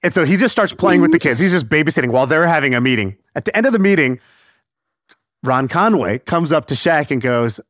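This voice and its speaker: A man hosting a podcast, telling stories in a lively, swearing, casual way with lots of fillers. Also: fairly high pitch, a little fast, dry recording, clean studio sound. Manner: animated, profane storyteller with many fillers. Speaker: podcast host. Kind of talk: casual storytelling chat.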